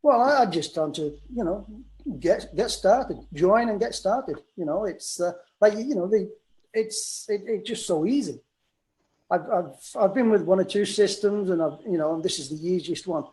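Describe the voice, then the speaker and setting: A man with a South Florida accent, a guest on a video call, giving a halting, plainspoken testimonial. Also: high-pitched, darkish tone, rough recording. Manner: plainspoken, halting, with many restarts. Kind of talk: casual testimonial.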